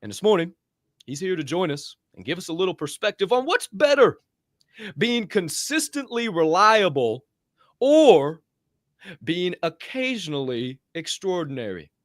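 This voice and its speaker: A man's voice: high-pitched, big pitch swings, unhurried, a bit bright, no room sound, studio quality. A man co-hosting a motivational faith podcast, talking in an exuberant, playful, hype manner. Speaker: podcast co-host. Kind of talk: energetic faith-based motivational podcast talk.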